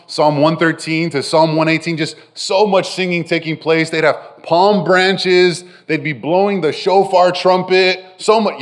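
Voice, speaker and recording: Pastor guy preaching, kinda high voice, gets loud then real quiet, keeps asking right?. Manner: animated preaching, swinging from loud to soft and intimate; addresses listeners directly with frequent "right?". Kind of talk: sermon.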